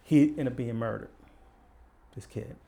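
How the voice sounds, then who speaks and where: An older man from Baltimore, USA, a retired police detective, tells stories as a guest and acts out the lines of the people in them. His medium-pitched voice is gravelly and warm, and he speaks unhurriedly.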